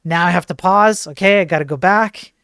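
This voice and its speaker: A man's voice: high-pitched, brisk, a bit bright, dry recording, clean studio sound. A man hosting a livestream, commenting casually on videos as he plays them, swearing often, repeating himself and reading on-screen text aloud. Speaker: livestream host.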